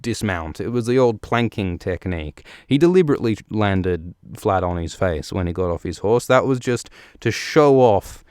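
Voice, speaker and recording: A man's voice: on the low side, expressive, moderate pace, hardly any pauses, darkish tone, clean tone, no echo, clean studio sound, natural voice. A man jokingly voicing a young queen who makes excuses and then gives orders, in casual slang. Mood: defensive. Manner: sarcastic, casual slangy paraphrase.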